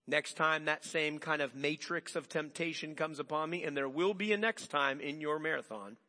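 A man preaching a sermon, his voice bright and somewhat high. He drives his points home with animated repetition and rhetorical questions. The sound carries a long reverb, as in a church sanctuary. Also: moderate pace. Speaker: pastor.

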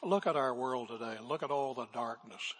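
An older man preaching a sermon as pastor, swinging from emphatic declarations to hushed asides. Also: mid-range voice, moderate pace, husky. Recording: long reverb of a large hall.

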